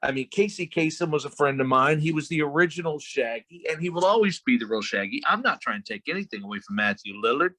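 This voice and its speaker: A middle-aged man, a voice actor, talking on a video call in a rambling, animated, joking way. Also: on the high side, fast, few pauses, low-quality recording. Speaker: voice actor guest. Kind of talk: casual panel chat.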